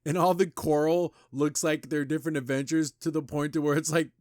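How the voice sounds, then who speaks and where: A man's voice: a little high, steady tone, fairly quick, darkish tone, dry recording, studio quality. A man hosting a podcast, loosely recapping a cartoon episode with lots of "like" and restarts. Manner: loose retelling with frequent "like" and restarts. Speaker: podcast host.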